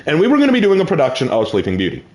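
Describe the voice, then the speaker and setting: Lively young man telling stories. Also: on the high side, very fast. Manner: lively, shifts from calm to excited outbursts. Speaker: gaming channel host. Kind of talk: storytelling while playing a game.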